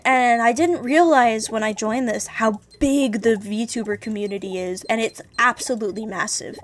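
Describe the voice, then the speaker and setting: Chatty woman streamer, a little high. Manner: candid, rambling, swears freely. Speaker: VTuber streamer. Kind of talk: casual livestream chat.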